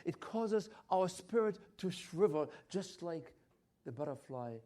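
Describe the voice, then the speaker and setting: A man's voice: fairly high pitch, lively intonation, a little slow, warm tone. An older man giving a church health lecture, emphatic and repetitive, with frequent hesitant restarts. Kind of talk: health talk at a church conference.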